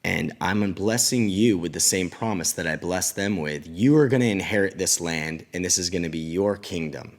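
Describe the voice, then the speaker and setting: A man voicing God making a solemn promise in a children's Bible story, calm and measured. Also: sits low.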